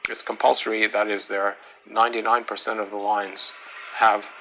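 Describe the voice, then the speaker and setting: A man giving a classroom lecture on meter, talking haltingly with many fillers and restarts, and chanting rhythm syllables to demonstrate. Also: on the low side, flat delivery, sharp tone, poor audio. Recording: faint background noise.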